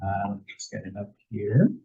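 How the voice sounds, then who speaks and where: A man moderating a conference question period, informal and halting. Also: lowish voice, vocal fry, dark tone, husky, highs cut off. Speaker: session moderator.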